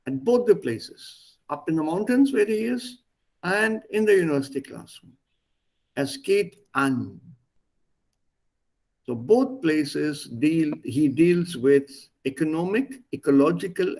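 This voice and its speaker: A man's voice: on the high side, gravelly. A man teaching a language, reading a text line by line and then translating and explaining it.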